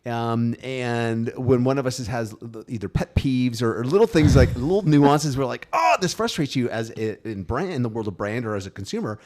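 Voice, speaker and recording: A man's voice: mid-range voice, moderate pace, hardly any pauses, dark tone. A man co-hosting a podcast in casual chat, rambling with many restarts. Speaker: podcast co-host; graphic designer.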